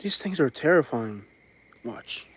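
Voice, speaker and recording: A man's voice: mid-range voice, normal speed, darkish tone, no echo. A man, chatting casually on a live stream from outdoors on his rural property, rambling with lots of fillers and restarts. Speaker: vlogger hosting a live stream.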